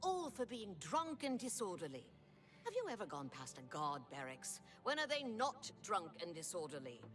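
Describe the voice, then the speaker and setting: A woman's voice: mid-range voice, big pitch swings, moderate pace, a bit bright, faint music behind. A woman voicing a bitter townswoman who complains with scorn about the corrupt guards. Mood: indignant. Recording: game audio, slightly distant.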